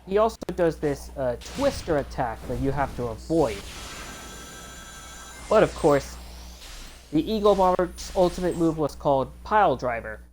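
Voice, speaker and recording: Woman, gaming video host, casual commentary, excitable, rambling, lively pitch, faint music underneath. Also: moderate pace, long pauses. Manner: chatty and excitable, rambling asides.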